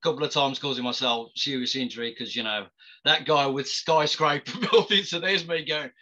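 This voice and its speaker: A man's voice: mid-range voice, fairly even intonation, brisk, bright, forceful tone. A man, an actor, casually telling stories with frequent laughs and stumbling restarts. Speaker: actor guest. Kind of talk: casual storytelling.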